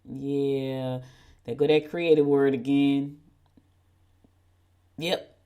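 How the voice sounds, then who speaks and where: A woman's voice: very deep voice, steady tone, very slow, mellow, smooth. A middle-aged woman, hosting a morning show, reading horoscopes and telling folksy stories while laughing at herself. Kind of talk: casual chat and horoscope reading.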